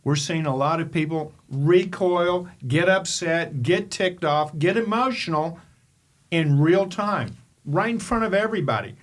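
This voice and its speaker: An older man from Kentucky, a podcast host and coach, telling a story in an animated, emphatic way and firing off rhetorical questions. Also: on the high side, unhurried. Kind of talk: storytelling monologue.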